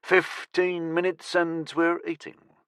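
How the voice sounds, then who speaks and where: A man's voice: a little high, completely flat delivery, takes it slowly, a bit bright, smooth, no room sound, clean studio sound, pitched above the performer's own voice. A male narrator voicing an eager, cheerful man tending a barbecue.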